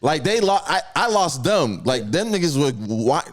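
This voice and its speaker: Man with a lively, swinging voice. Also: on the high side, moderate pace, crowd noise. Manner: laughs often, questioning, loose banter. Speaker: podcast host. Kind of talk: casual chat.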